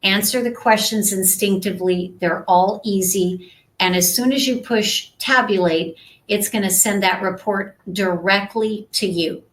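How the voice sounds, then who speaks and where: Over poor audio, a woman with a mid-range voice speaks at a measured pace, coaching her live-stream viewers as a sales trainer. She keeps it conversational, frequently asking "right?" or "okay?".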